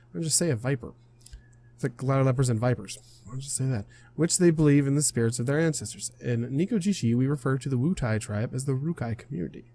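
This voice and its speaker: This young streamer reads a visual novel aloud in a warm, mid-range voice. His reading is casual and marked by stumbles, laughter, and self-corrections.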